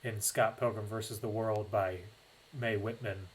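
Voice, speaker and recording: A man co-hosting a podcast in casual chat, joking and animated as he recaps a film. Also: fairly low pitch, a little slow, poor audio. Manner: animated, joking, drops into mock voices. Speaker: podcast co-host.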